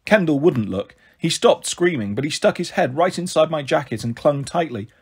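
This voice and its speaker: Husky guy reading a kids' book out loud, steady, voice sits a bit high. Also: moderate pace. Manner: steady first-person narration. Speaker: storyteller. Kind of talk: reading a children's novel aloud.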